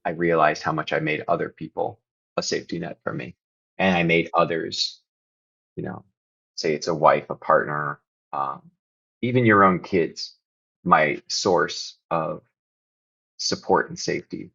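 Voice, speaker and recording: A man's voice: rumbling low, steady tone, a little slow, gravelly, long pauses, fairly bright tone, slightly rough, lo-fi sound. A man speaking as a podcast guest, sharing candidly and earnestly, reflective and sometimes rising to emphatic bursts. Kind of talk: candid confessional conversation.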